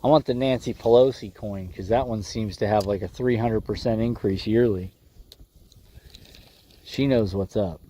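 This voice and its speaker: A man's voice: fairly low pitch, normal speed, warm tone. A man hosting a fishing livestream from a windy lake, chatting casually and joking with his viewers, laughing often.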